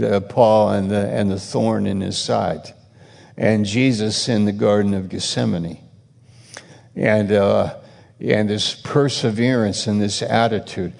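A man's voice: lowish voice, fairly even intonation, slow, creaky, darkish tone, big-room sound. A man preaching a sermon, emphatic and repetitive, pressing his rebukes with growing intensity.

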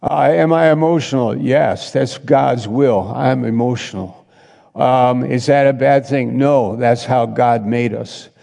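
A man preaching a sermon as a pastor, slow and halting with frequent restarts. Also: mid-range voice, gravelly, warm tone, in a large hall.

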